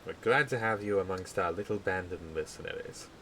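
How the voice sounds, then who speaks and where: A tired man streaming a game live, reading a story draft aloud in a measured way and stumbling over words. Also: deep voice, pushed and bright, slight background noise, low-quality recording.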